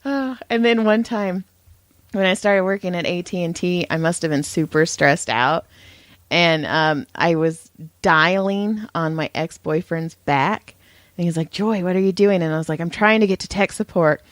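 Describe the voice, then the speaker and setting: A woman with a lowish voice co-hosts a podcast, speaking at a normal speed in clean studio sound with no echo. She tells stories in a casual chat, laughing often and acting out quotes.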